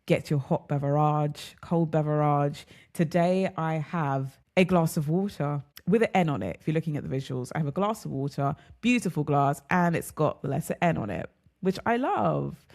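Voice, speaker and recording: A woman's voice: low voice, moderate pace, a little mellow. A woman talks into a close studio mic, hosting her own podcast. Her delivery is chatty and personal, as if catching up with friends, and she keeps calling her listeners girl and ladies. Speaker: podcast host. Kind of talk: casual solo podcast talk.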